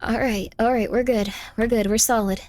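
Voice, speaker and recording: A woman live streaming a game, chatting casually with her viewers in a playful, teasing way, insisting on things over and over and breaking into squeaky high protests. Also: fairly even intonation, moderate pace, a little mellow. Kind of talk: casual live-stream chat while gaming.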